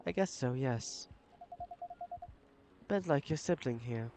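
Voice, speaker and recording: A man's voice: mid-range voice, lively intonation, slow pace, background noise. A man voicing a wry young woman who is a regular at a café, in a dry, teasing way.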